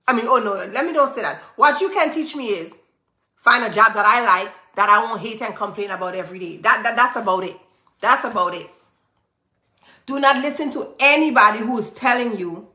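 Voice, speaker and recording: A woman's voice: a little high, lively intonation, a little fast, sharp tone. A woman giving a motivational talk to camera, emphatic and repetitive, in an echoey room. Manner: emphatic, preachy, repeats phrases for stress. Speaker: business owner giving motivational advice.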